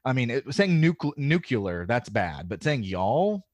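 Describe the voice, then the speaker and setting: With a mid-range, sing-song voice and a slightly slow pace, a man from the American South rambles as a guest on a casual podcast. His faint Southern drawl comes through, he leans on fillers, swears without hesitation, and the recording is dry.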